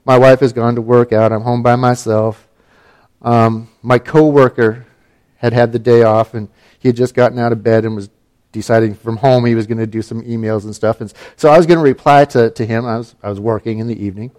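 A middle-aged man from Alaska recounts a personal story in an easy, conversational way. His voice sits at an ordinary middle pitch, and his humor is wry and self-deprecating. He stumbles and restarts often, as people do in unscripted talk. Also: steady tone, fairly quick, darkish tone. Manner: wry, self-mocking, with frequent fillers and restarts. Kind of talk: personal story told casually.

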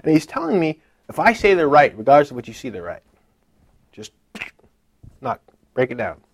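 A man's voice: medium pitch, big pitch swings, moderate pace, a little hiss or hum. A man giving a personal church testimony in casual, earnest speech, laughing nervously now and then. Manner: earnest and emotional, with frequent nervous laughs and many fillers.

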